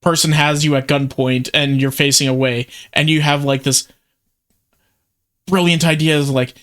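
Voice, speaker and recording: A man's voice: fairly high pitch, steady tone, normal speed, a bit bright. A man streaming his reactions to a video, chatting casually and joking often.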